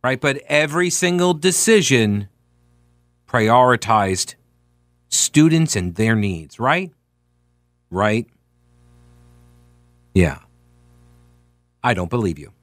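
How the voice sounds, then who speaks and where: A man's voice: medium pitch, sing-song, takes it slowly, long pauses, a bit bright, no echo. A man hosting an opinionated political commentary show, reading documents aloud and breaking off into sarcastic, incredulous asides. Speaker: talk show host.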